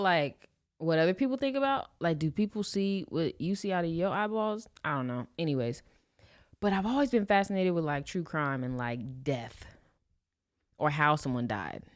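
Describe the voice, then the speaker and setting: A woman in her late twenties from Los Angeles, telling a personal story on a podcast in a slangy, animated way and acting out the scenes. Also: low-pitched. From Los Angeles, USA. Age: 20s. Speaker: podcast host. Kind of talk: casual storytelling.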